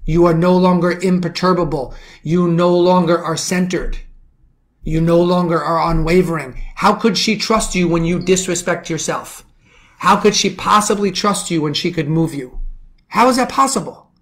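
Intense preaching New York man. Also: moderate pace. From the Bronx, New York. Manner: forceful preaching, rhetorical questions, drops to low intense tones. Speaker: podcast host and men's coach. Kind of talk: motivational monologue.

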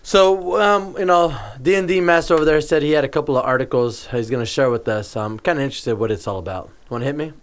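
A man's voice: a little high, fast, few pauses, slight background noise. Goofy, laughing man co-host. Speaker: podcast co-host. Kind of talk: casual chat.

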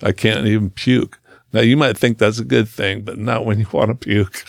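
A man speaking as a podcast guest, telling his own story in earnest conversation and slowing down to stress key moments. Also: lowish voice, fairly even intonation, vocal fry, dry recording, clean studio sound.

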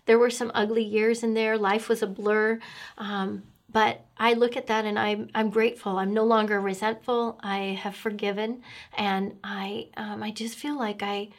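Middle-aged woman, earnest and emotional, flat-toned testimony with frequent fillers. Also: mid-range voice. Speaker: guest sharing testimony. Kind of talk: personal faith testimony.

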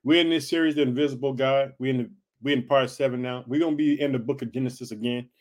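A man from Illinois, in the United States, hosts a faith podcast, delivering an encouraging sermon in a fervent, repetitive style and calling his listeners family. His medium-pitched voice is steady and darkish in tone, and he speaks quickly.

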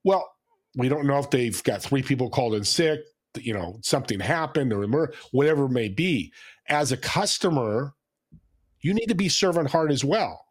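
A man's voice: mid-range voice, moderate pace, breathy edge. A man speaking as a guest, telling stories with energy and acting out the people in them. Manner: animated storyteller, acts out customers. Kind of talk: conversational interview.

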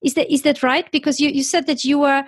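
A woman hosting an interview, telling a personal story in a lively way and acting out the quoted voices. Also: high-pitched, fast, no room sound, clean studio sound. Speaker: podcast host. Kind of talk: casual interview chat.

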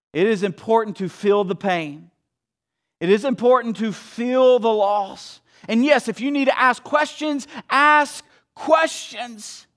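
A man pastor preaching a sermon, swinging between hushed lines and emphatic ones. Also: high-pitched.

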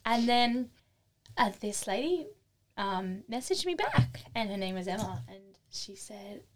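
A middle-aged Australian woman telling a story in casual chat, animated and chatty, laughing often and acting out what people said. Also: medium pitch, a little slow. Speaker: interview guest.

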